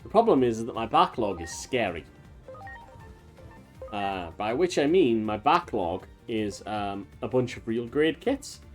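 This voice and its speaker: Rambling male streamer, mid pitch. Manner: rambling, talks in long tangents with many fillers. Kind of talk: casual let's-play commentary. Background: faint game music.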